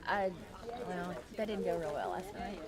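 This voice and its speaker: A woman with a Southern US accent talks in a friendly, teasing drawl. She is out of doors at a race, and loud crowd chatter fills the background. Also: fairly low pitch, sing-song, normal speed. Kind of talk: casual chat at a race. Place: outdoor race camp.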